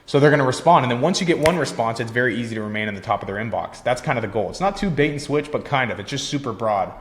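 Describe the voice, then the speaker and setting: A man's voice: mid-range voice, animated, racing, a little hiss or hum. A young man giving a casual sales lesson, blunt and confident, swearing freely and tagging lines with "right?". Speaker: sales coach. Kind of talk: casual instructional talk.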